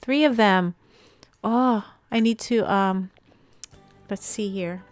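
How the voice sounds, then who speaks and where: Woman, casual game commentary, unhurried pace, excitable asides to viewers, mid-pitched voice. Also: no echo, soft background music. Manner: excitable, many fillers, talks to viewers. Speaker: gaming video host.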